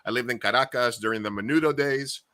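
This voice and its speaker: A man's voice: mid-range voice, fast, pushed and bright, dry recording, studio quality. A man who hosts a podcast and asks rambling questions with jokes in casual interview chat. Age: older. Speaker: podcast host.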